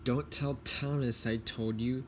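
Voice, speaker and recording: A sly male engine spins his lies in an oily, confiding voice, as a man reads him. The pace is slow and a faint hiss sits under the homemade recording. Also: mid-range voice, fairly even intonation, a bit bright, lightly acted. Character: sly scheming engine, male, smooth liar.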